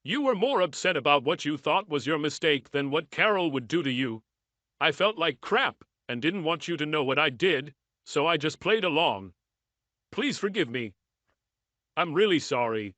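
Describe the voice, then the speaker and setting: A woman's voice: low-pitched, animated, normal speed, a bit bright, no echo. Sorry-sounding unfaithful wife begging forgiveness, man reading her, dry close sound. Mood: pleading. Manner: pleading, apologetic. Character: remorseful unfaithful wife, adult woman.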